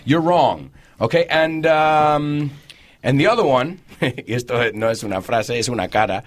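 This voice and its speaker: A man hosting a radio talk show in a studio, jokey and animated, acting out everyday phrases as he explains them. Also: medium pitch, normal speed.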